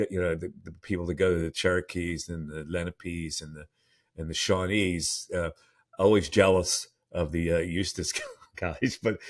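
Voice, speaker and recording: Man, sports podcast host, low voice, rambling opinions, restarts. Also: a bit bright. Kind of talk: solo sports talk podcast.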